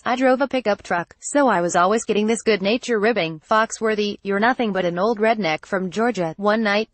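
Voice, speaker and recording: A woman's voice reading out a news article, photo credits and quoted punctuation included, in a flat read-out manner. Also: mid-range voice, dry recording. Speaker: news reader. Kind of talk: text-to-speech article reading.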